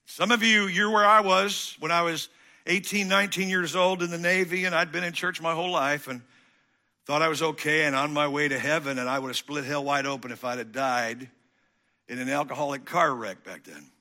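Male pastor, sermon delivery; slightly raised pitch, very cutting tone, big swings from emphatic to hushed. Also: fairly even intonation, brisk. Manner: swings between loud emphatic passages and quiet intense ones; acts out quoted voices of listeners.

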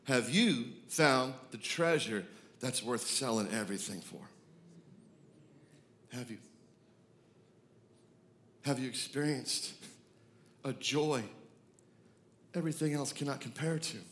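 A man, preaching a sermon, moving from hushed reflection to loud, excited declarations. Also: mid-range voice, takes it slowly, long pauses. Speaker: pastor.

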